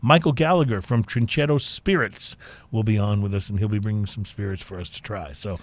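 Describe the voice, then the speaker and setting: A man hosting a casual whisky-tasting talk show, speaking in a halting way with many fillers and restarts. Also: lowish voice, dry recording. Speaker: podcast host. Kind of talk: casual chat.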